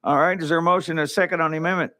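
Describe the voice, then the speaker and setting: A man chairing a legislative committee hearing, calling motions and votes in a brisk, businesslike way in a hearing room. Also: fairly high pitch, fairly even intonation, sharp tone.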